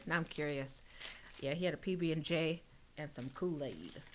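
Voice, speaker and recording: A woman reading her own novel aloud on a livestream, pausing for casual chatty asides. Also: low-pitched, a little hiss or hum.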